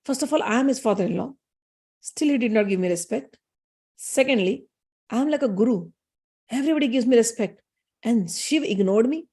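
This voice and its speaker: A woman's voice: a little high, animated, brisk, long pauses, mellow, husky. A woman voicing a proud, angry father-king who scorns his son-in-law. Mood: indignant. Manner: indignant, scornful.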